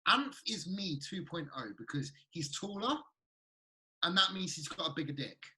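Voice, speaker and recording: British guy on a podcast, high bright voice, jokey and teasing. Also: expressive, moderate pace. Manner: playful, teasing, hesitant restarts. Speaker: podcast co-host. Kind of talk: casual banter.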